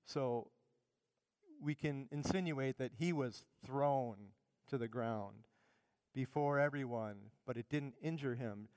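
A middle-aged male pastor preaching a sermon with fervent emphasis, easing into quiet personal asides. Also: mid-range voice, smooth, no room sound, big-room sound.

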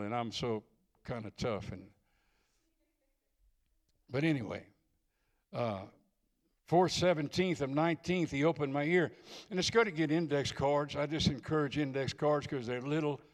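Folksy older preacher man. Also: mid-range voice. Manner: folksy, earnest, repeats phrases for emphasis. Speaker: visiting preacher. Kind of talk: sermon with prophetic ministry. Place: church.

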